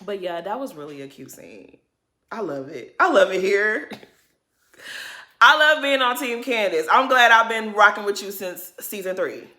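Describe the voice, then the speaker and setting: A woman's voice: lively intonation, unhurried, pushed and bright, echoey room. A woman giving a casual reality TV recap, sassy, blunt and profane. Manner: sassy, blunt and profane, mimics others in high exaggerated voices.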